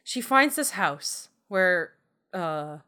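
A woman's voice: on the low side, animated, very slow, pushed and bright. A woman co-hosting a casual film review chat, sarcastic and laughing often, acting out characters' lines. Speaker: podcast co-host.

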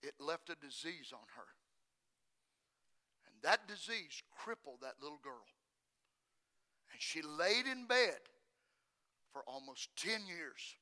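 A man preaching a sermon with passion, swinging between hushed, quiet stretches and loud shouting. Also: on the high side, sing-song, slow, pauses often.

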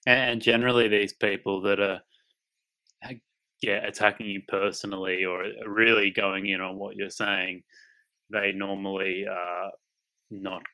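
A young man with an Australian accent talks in a loose, jokey podcast chat. His voice sits fairly low yet sounds bright and forward. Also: little pitch movement, a little slow, clean tone, poor audio. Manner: laid-back, says "mate" often, jokey. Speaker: podcast co-host. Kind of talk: casual chat.

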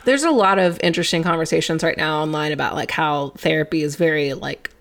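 A woman's voice: deep voice, quick pace. Casual young woman, lots of fillers. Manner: casual, swearing, filler-heavy, laughing often. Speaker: podcast co-host. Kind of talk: casual political chat.

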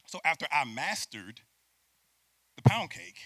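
Bright, emphatic man preaching a sermon. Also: fairly high pitch, breathy edge, dry recording. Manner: swings between hushed asides and loud emphatic peaks; calls on the congregation to repeat words.

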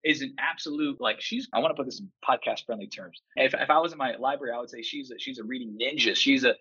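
A man in his thirties tells his stories with a husky, slightly rough edge and plenty of animated emphasis, acting out what others said. The audio is muffled and lo-fi, as if heard over a remote line. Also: medium pitch, quick pace. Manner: animated, emphatic, acts out quotes. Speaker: podcast guest, teacher and father. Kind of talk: enthusiastic storytelling chat.

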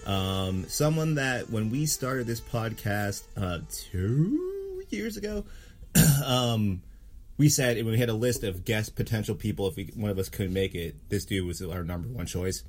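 A man's voice: fairly low pitch, very animated, a little slow, a little mellow, faint music behind. A man hosting a podcast in casual chat, swearing freely and laughing through rambling banter. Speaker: podcast host.

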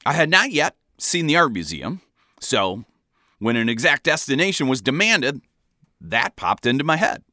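Guy reading his own funny stories, wry and deadpan but pitch jumps all over, bright sharp voice, dry close mic. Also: normal speed, no room sound. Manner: wry, deadpan storytelling with animated swings. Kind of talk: comic memoir narration.

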